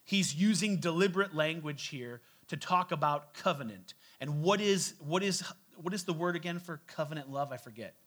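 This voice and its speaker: A man's voice: on the high side, moderate pace, few pauses, fairly bright tone. A man in his forties preaching a sermon in a loose, conversational way, with asides to the congregation. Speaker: pastor.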